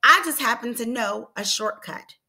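A woman voicing a sly, smooth-talking male coyote with an oily, flattering manner, in a storybook read-aloud. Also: a little high, moderate pace.

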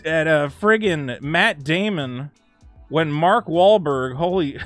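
A man's voice: a little high, a little slow, a bit bright, dry recording, faint music behind. A man from Massachusetts, hosting a sarcastic, ranting commentary vlog. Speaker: commentary host.

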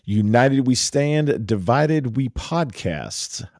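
Man, from the United States, podcast host, mellow low voice, laid-back, dry close sound. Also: lively intonation, slow pace, dry recording. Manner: laid-back, filler-heavy. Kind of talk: casual podcast chat.

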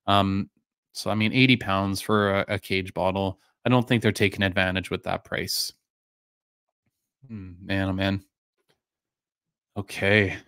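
A man's voice: low voice, unhurried, pauses often, clear, resonant tone, dry recording, studio quality. Man hosting a casual live stream. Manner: relaxed, rambling, many fillers and restarts. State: voice going a bit hoarse. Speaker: live-stream whisky reviewer, host. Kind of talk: casual live-stream chat, answering viewer comments.

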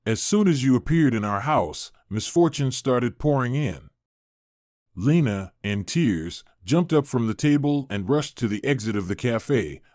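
A man narrating a scripted story in an expressive storytelling manner. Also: medium pitch, no room sound, clean studio sound.

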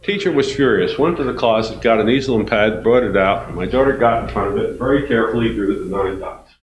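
A man, a university professor, giving a storytelling lecture, animated and acting out the voices in his anecdotes. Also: on the low side, a little fast. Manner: animated, acts out quoted voices, chuckles. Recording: roomy hall with faint noise.

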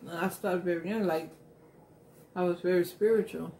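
A woman's voice: lowish voice, steady tone, moderate pace, warm tone, a little hiss or hum. Candid middle-aged woman hosting an eating show. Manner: candid, emphatic storytelling. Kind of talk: casual chat while eating.

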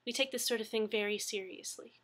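A woman's voice: fairly high pitch, steady tone, brisk, fairly bright tone. A woman voicing a friendly female emergency dispatcher who talks in a chatty, reassuring way in an audiobook reading.

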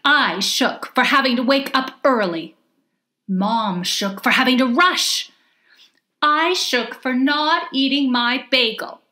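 A woman reading her own picture book aloud for young children, slow and playful. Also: high voice, bright, forceful tone, echoey room. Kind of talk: storybook read-aloud for children.

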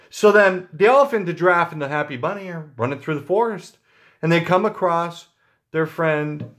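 A man's voice: a little high, fairly bright tone. A man hosting his channel, chatting casually with viewers in a rambling, joking way. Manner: rambling, joking, with frequent fillers. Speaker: channel host.

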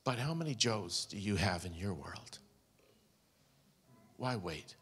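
A man's voice: lowish voice, lively intonation, slow pace, a bit bright, breathy edge. A man preaching a sermon as pastor, telling a personal story with heartfelt, quoted speech. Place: large church hall. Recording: long church hall reverb.

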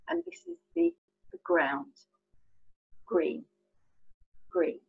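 A woman's voice: sits high, very animated, drawn-out words, pauses often, slightly rough, muffled recording. A British woman teaching signs for colours to children in a chatty, playful, encouraging way. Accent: British English. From England. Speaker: sign language tutor. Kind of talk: children's signing lesson.

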